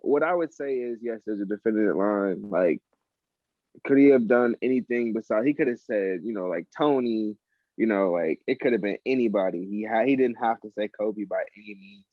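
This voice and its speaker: A man's voice: on the low side, normal speed, no echo. A man co-hosting a casual podcast debate, talking emphatically and swearing freely as he argues his point. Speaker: co-host, rapper. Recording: dull lo-fi, dry sound.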